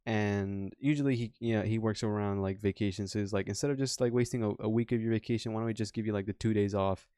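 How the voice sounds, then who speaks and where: A man's voice: lowish voice, steady tone, quick pace, few pauses, dark tone, clear, resonant tone, no echo, clean studio sound. A young man venting about his job in a rambling, profane, frustrated way. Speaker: vlogger. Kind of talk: candid personal vent.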